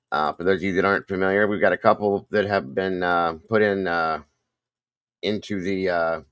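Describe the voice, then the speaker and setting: A man's voice: lowish voice, a bit bright, no echo. An older man hosting a casual livestream, rambling and greeting viewers one by one by name. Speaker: livestream host.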